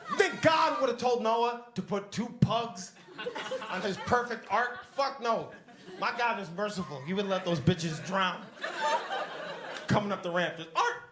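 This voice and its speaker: A man's voice: sits high, a little slow, reverberant. A man doing stand-up comedy with crowd work in a comedy club, brash and profane, with audience laughter behind him. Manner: brash, profane, animated delivery.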